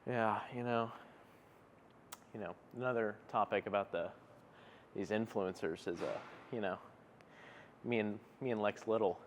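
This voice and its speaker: A young man with a lowish voice talks loosely and rambles, filling gaps with ums and likes. He is filming himself between sets in a gym, with faint gym noise in the background. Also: unhurried, pauses often. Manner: laid-back, rambling, heavy with fillers. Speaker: fitness vlogger. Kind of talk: casual gym vlog chat. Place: gym, indoors.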